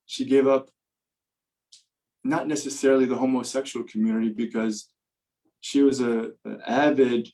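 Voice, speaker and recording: A man, a podcast guest, casually telling a story in an animated way, laughing often and filling his talk with "like" and "you know". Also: medium pitch, moderate pace, pauses often, poor audio.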